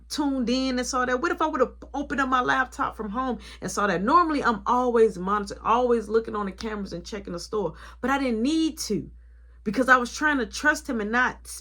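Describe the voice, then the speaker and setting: A young woman store manager telling a story in an animated, colloquial way. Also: fairly high pitch, fairly quick. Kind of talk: casual storytime vlog.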